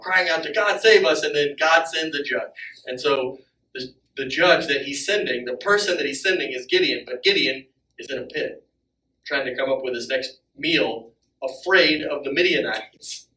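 A man in his thirties preaching a sermon as pastor, animated and acting out the quotes he reads. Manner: animated, acts out quotes with rising pitch. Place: church sanctuary. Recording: echoey hall, from a distance.

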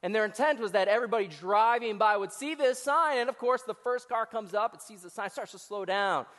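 Before hundreds of people in a church auditorium, a male associate pastor gives a joking sermon, engaging the large audience and talking back to the crowd. His voice is high-pitched and fairly bright, a little fast, echoing in the large hall.

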